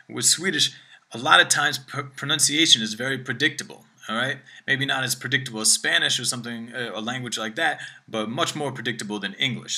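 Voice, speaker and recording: Bright-voiced man teaching pronunciation. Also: medium pitch, slightly rough. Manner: says "all right?" constantly, demonstrates words slowly. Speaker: language teacher. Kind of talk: language lesson monologue.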